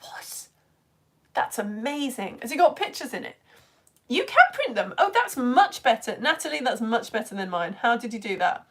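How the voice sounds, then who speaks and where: Excitable woman chatting on a live stream. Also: on the high side, moderate pace. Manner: chatty, excitable, laughs often. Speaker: educator reading live comments. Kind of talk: casual live-stream chat.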